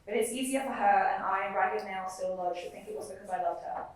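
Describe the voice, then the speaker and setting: A young woman poet giving a live reading, moving between measured recitation and chatty asides between poems. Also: medium pitch. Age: young adult. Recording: very echoey room, mic far off.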